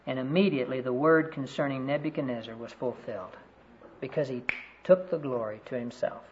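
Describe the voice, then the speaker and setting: A man's voice: mid-range voice, fairly quick, a little hiss or hum. Earnest male preacher, lo-fi recording. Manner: earnest storytelling, quotes scripture. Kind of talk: sermon. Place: conference room. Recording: dull lo-fi sermon recording.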